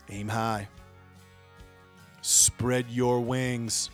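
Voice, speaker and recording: A man hosting a podcast, giving an impassioned monologue that swells into loud rhetorical questions. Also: mid-range voice, unhurried, faint music behind. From Indiana, United States. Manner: fiery, rising to shouted rhetorical questions. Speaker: podcast host.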